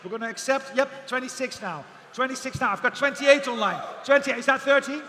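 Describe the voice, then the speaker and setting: At an outdoor auction event, a male auctioneer calls bids rapidly and repetitively, rattling off figures again and again with the odd joking aside. His voice is very high-pitched, bright and forceful. The recording carries long reverb and faint background noise.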